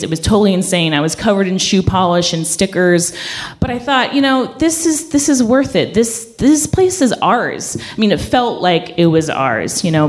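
A woman telling a personal story on stage at a coffeehouse show, in a chatty way full of "like" fillers. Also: fairly low pitch.

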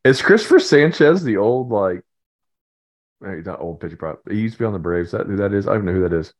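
A man's voice: lowish voice, lively intonation, a little fast, dull audio. Jokey man in casual banter. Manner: jokey, laughs often. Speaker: podcast co-host. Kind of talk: casual chat.

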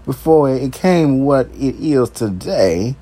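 A man's voice: mid-range voice, lively intonation, takes it slowly, mellow. A male talk show host rambling through an unscripted solo monologue, crude and profane, chuckling between his remarks.

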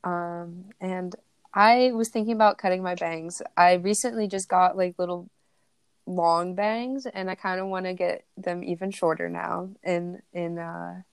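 A young woman co-hosting a casual podcast chat, talking in an even, flat way and laughing often. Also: fairly low pitch, vocal fry, clean tone, dry recording. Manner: slow, flat, giggly. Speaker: podcast co-host.

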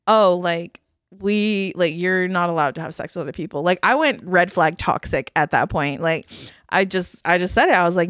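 A woman's voice: on the low side, animated, moderate pace, a bit bright, no room sound, studio quality. A young woman co-hosting a podcast, telling a story casually and bluntly, swearing a lot and often laughing. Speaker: podcast co-host. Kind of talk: casual chat.

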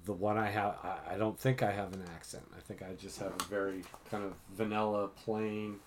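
A man's voice: lowish voice, level tone, a little fast, background noise. A middle-aged man hosting a casual chat with his daughter, self-mocking and full of fillers. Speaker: podcast host.

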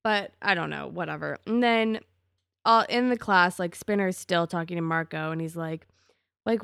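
A young woman co-hosting a casual podcast, recapping a TV episode and acting out the characters' lines with big jumps in pitch. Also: moderate pace, vocal fry, fairly bright tone, clear, resonant tone, no echo, clean studio sound. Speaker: podcast co-host.

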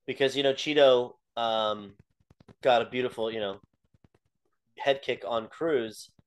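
A man co-hosting a podcast, chatting casually with a relaxed, hesitant manner and plenty of short agreements. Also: mid-range voice, a little slow. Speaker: podcast co-host. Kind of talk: casual chat.

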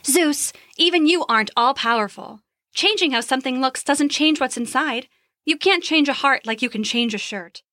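A woman doing a calm, purring goddess. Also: sits high, normal speed, no room sound, studio quality. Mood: sly. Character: calm, sly goddess of love.

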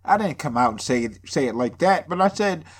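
A man's voice: on the high side, expressive, brisk, breathy edge. A man from the area, rambling through a casual, profane podcast monologue full of jokes and sarcasm, sounding a bit drunk. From Boston area. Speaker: podcast host.

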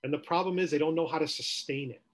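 A man's voice: fairly high pitch, quick pace. A man co-hosting a sports podcast, ranting with rhetorical questions in casual talk.

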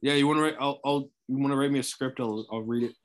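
A young man co-hosting a casual podcast, joking around and firing back quick replies. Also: medium pitch, fairly even intonation. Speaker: podcast co-host. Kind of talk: casual chat.

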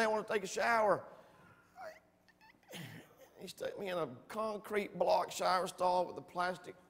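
A pastor preaching a folksy, emphatic sermon full of storytelling. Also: male voice, sits high, vocal fry, fairly bright tone. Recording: long reverb of a church hall.

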